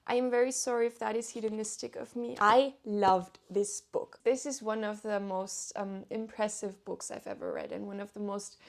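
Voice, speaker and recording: A woman's voice: mid-range voice, steady tone, moderate pace, hardly any pauses. A woman talking casually about books she has read as a book vlogger. She is enthusiastic and chatty, often repeating and correcting herself as she talks. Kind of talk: casual book review chat.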